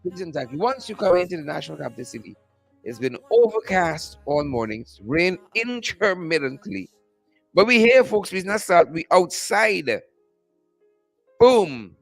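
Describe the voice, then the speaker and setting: A man with a Guyanese accent hosting a live stream from outdoors, repeating upbeat shout-outs to his viewers by name. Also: sits high, very animated, normal speed, gravelly, dry recording, faint music behind. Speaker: host.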